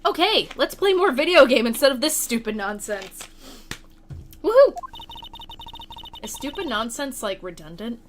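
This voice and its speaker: A woman's voice: fairly high pitch, lively intonation, normal speed, hardly any pauses, slight background noise. A young woman streaming a video game late at night, chatting casually with a playful, self-deprecating manner.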